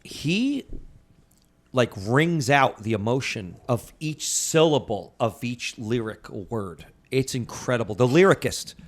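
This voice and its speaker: A man hosting a podcast in casual, jokey chat, stretching out words for emphasis. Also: mid-range voice. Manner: animated, jokey, drawn-out emphasis. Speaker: podcast host.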